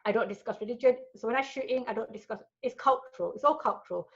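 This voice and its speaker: A woman's voice: on the high side, quick pace. A woman in her forties, with family from Gujarat, telling stories bluntly as a guest in a casual interview and acting out what people said. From family from Gujarat, India. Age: 40s. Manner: blunt, animated storyteller, acts out quotes. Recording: dull lo-fi recording.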